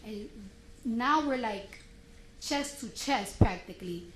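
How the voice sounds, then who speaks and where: A woman testifying in a courtroom, retelling a confrontation in a blunt, animated, slangy way and acting out what each person said. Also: fairly high pitch, takes it slowly. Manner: blunt and animated, slangy street speech, acts out quotes. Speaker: witness testifying. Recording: roomy courtroom sound, faint noise.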